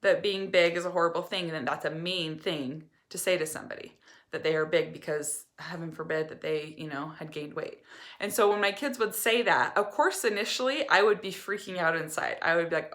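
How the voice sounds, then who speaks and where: A woman's voice: lowish voice, steady tone, moderate pace, a bit bright. A woman recovery coach giving candid, earnest personal advice to camera. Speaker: eating disorder recovery coach.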